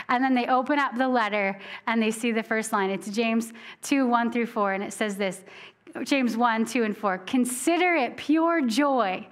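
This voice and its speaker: A woman with a high, bright-toned voice delivers a sermon in church. She talks in a loose, conversational way, animated and quick to laugh, and slows down to read scripture. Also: smooth. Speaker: preacher.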